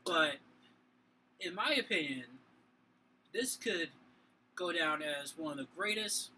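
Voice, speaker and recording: A man's voice: a little high, lively intonation, slow pace, bright, forceful tone, a little hiss or hum, low-quality recording. A tipsy man with a Boston accent co-hosting a casual sports talk show, rambling with many fillers and restarts. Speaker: podcast co-host.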